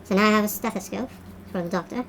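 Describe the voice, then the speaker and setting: A woman's voice: medium pitch, fast, a little hiss or hum. A woman art teacher giving a craft tutorial, chatting and thinking aloud as she works.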